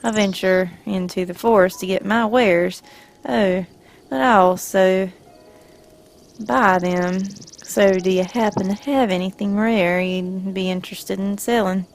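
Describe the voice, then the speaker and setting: A woman's voice: mid-range voice, fairly even intonation, a little slow, natural voice. A woman from Georgia voicing a friendly country male traveling merchant in a video game, with a folksy Southern drawl.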